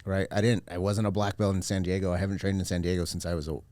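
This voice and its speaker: A man chatting casually as a podcast guest, laid-back and quick to laugh. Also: low-pitched, level tone, a little mellow, dry recording, clean studio sound. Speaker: podcast guest, jiu-jitsu black belt.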